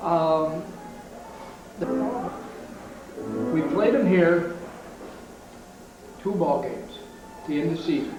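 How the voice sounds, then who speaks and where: A man's voice: a little high, lively intonation, takes it slowly, pauses often, over music. An older man, a former ballplayer, telling stories in a rambling way with many fillers. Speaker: former baseball pitcher. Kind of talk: reminiscing interview. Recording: echoey, distant, faint noise.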